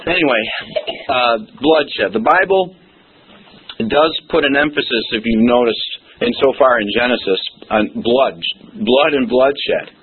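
A man's voice: medium pitch, a little slow, a little hiss or hum. A man preaching a sermon, emphatic and folksy, often checking in with "okay?". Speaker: pastor. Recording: tinny phone-like lo-fi recording.

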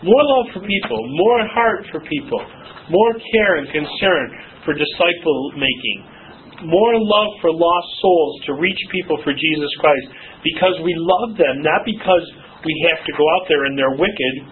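A man's voice: sits high, unhurried, a little hiss or hum. A male pastor preaching a sermon in a conversational way, with asides and short laughs. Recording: tinny phone-like sound.

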